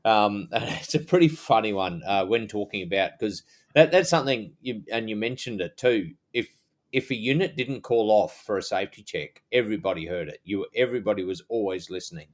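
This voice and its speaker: A man with an Australian accent, a former police officer co-hosting a podcast, telling a story in relaxed casual chat. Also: on the low side, a little fast.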